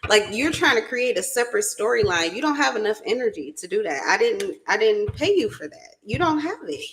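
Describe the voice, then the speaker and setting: A woman's voice: mid-range voice, animated, fairly quick, fairly bright tone, a little hiss or hum, rough recording. A woman doing a casual spiritual reading who keeps breaking into laughter and talks bluntly, swearing freely. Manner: blunt and profane. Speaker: spiritual reader. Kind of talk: casual tarot reading chat.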